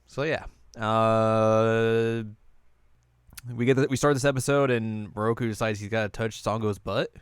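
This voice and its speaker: A man's voice: on the low side, measured pace, smooth, dry recording, clean studio sound. A young man hosting a casual chat show, recapping an episode and acting out lines in silly voices. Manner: animated, acts out characters' lines in silly voices. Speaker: podcast host.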